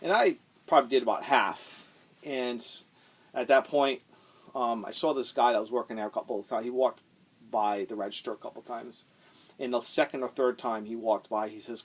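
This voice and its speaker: A man's voice: medium pitch, moderate pace. A middle-aged man hosting his own vlog, telling a story in a heated, rambling rant, swearing often and repeating himself as he gets worked up. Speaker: channel host.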